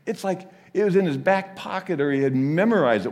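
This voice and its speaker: A man preaching a sermon, telling the story with animated delivery and frequent chuckles. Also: on the high side, normal speed, big-room sound.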